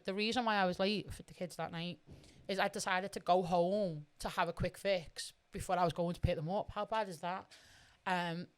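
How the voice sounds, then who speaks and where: A woman's voice: fairly low pitch, fairly bright tone, smooth. A middle-aged woman, a podcast guest telling her story bluntly and with lots of swearing. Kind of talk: candid conversational storytelling.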